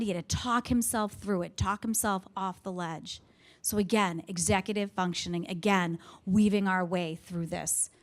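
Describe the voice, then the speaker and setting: A woman leads a staff development workshop in a mid-pitched, earnest voice. She speaks conversationally and shares personal stories with colleagues.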